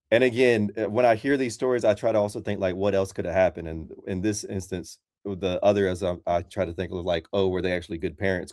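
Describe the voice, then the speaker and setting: A man's voice: fairly low pitch, darkish tone, no room sound, studio quality. A man calling in as a Christian, talking in a casual, rambling way full of fillers. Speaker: Christian caller. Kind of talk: casual debate chat.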